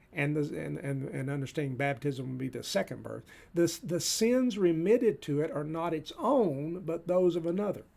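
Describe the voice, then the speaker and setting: A man's voice: on the high side, gravelly, darkish tone. A middle-aged man teaching a church history class, reading quotations aloud between loose remarks with many fillers and restarts.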